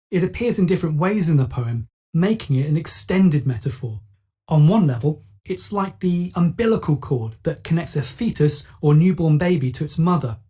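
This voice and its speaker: Woman, teacher narrator, soft mellow tone with a husky edge, clear explanatory delivery. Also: sits low. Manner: clear explanatory, rhetorical questions. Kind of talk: scripted lesson narration.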